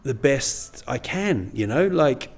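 Middle-aged male comedian, casual guest chat, meandering, full of "you know", mid-pitched voice. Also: big pitch swings, slow, darkish tone. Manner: rambling, self-deprecating, many "you know"s.

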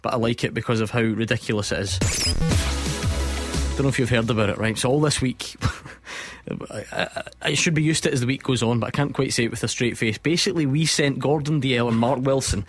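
A man's voice: mid-range voice, fairly even intonation, fast talker, breathy edge, soft background music. A man hosting a sports radio phone-in, chatty and jokey, often breaking into laughter.

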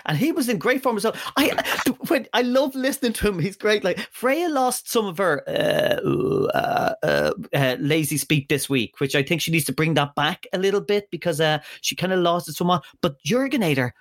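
Animated man chatting casually. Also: high-pitched, normal speed, few pauses. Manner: animated, joking, puts on voices for quips. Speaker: podcast co-host. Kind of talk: casual chat.

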